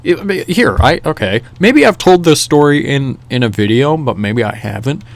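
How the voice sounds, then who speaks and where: A young man telling a casual story in a rambling, animated way, with many restarts and fillers. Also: mid-range voice, normal speed, creaky. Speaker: vlogger. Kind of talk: casual storytelling over gameplay.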